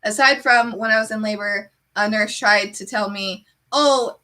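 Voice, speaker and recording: Bright, chatty woman streamer. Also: mid-range voice, moderate pace. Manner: chatty, heavy use of "like"; animated storyteller. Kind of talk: casual chat.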